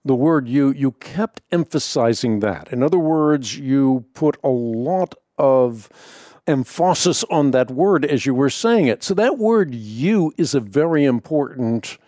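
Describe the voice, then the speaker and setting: A man hosting a religious discussion, speaking in a measured way and leaning hard on key words. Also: medium pitch, lively intonation, mellow, no room sound, clean studio sound. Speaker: radio show host.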